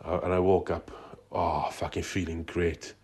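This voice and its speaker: A man with a deep, very low voice tells a meandering phone-in story. He drops swear words into almost every phrase, loose and unhurried. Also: little pitch movement, darkish tone. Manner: profane, swears constantly. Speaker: caller.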